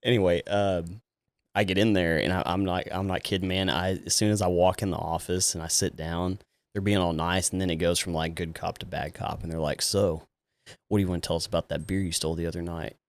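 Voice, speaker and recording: A man from Texas, a police officer guest on a podcast, telling a story in a casual, animated way, often laughing and acting out the people he quotes. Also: low-pitched, a little fast.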